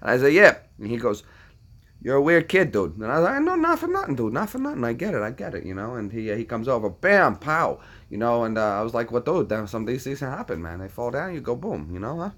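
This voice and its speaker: A man's voice: mid-range voice, huge pitch swings, fast talker, fairly bright tone. A man putting on the voice of a brash, streetwise tough guy who swaggers and keeps repeating his slangy catchphrases. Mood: swaggering.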